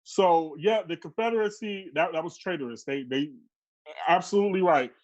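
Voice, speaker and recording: A man's voice: on the high side, moderate pace, highs cut off. A man co-hosting a podcast in casual political chat, laid-back and noncommittal. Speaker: podcast co-host.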